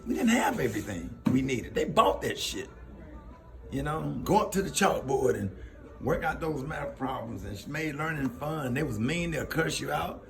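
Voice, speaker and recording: Over soft background music, this radio host speaks at a moderate pace in a sing-song, gravelly voice of medium pitch. He swaps personal anecdotes in a relaxed way, laughing frequently and acting out quoted voices as he goes.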